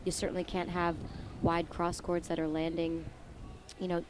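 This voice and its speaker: Woman doing squash color commentary, lowish voice, acts out players' thoughts, noisy court audio. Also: flat delivery, moderate pace. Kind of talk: live sports commentary.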